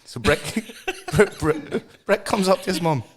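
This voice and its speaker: Sweary podcast host. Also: male voice, high voice, animated, unhurried. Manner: telling crude jokes, sweary and laughing. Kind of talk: casual podcast banter.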